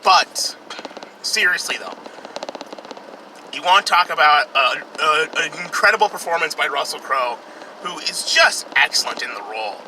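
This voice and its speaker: Young guy ranting about a movie while driving, swears a lot, bright voice, faint traffic hum. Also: on the high side, lively intonation, normal speed, poor audio. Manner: profane, rambling, sarcastic. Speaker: film reviewer. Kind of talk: casual film review while driving. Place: in a car, outdoors traffic.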